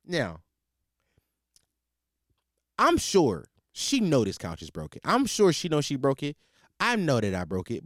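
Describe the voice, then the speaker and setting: A man's voice: medium pitch, wildly swooping pitch, unhurried, long pauses, no echo, studio quality. A man hosting a podcast, ranting in a profane, comedic monologue with frequent restarts. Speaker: podcast host.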